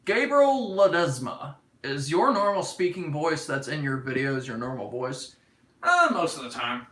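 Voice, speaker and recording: A young man with a North Carolina Southern drawl hosts a loose livestream, rambling and swearing through viewer comments. His voice sits a bit high and bright, swinging widely in pitch. He is set back from the mic in an echoey room. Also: big pitch swings, unhurried, distant mic. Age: 20s. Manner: rambling, profane, joking. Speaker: livestream host. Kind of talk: casual livestream chat reading comments.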